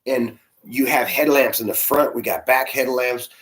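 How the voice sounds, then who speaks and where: A man, a church's senior spiritual leader, preaching in a conversational, animated storytelling way with soft asides. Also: medium pitch, moderate pace. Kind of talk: storytelling sermon.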